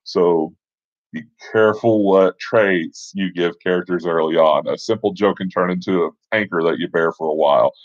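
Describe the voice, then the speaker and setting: A man with a very low voice recounts a tabletop adventure in a loose, conversational way, trailing off into asides. The sound is dry and a bit dull, with no room around him. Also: normal speed, no echo. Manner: relaxed, conversational, with fillers and asides. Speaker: storyteller. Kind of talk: casual spoken storytelling.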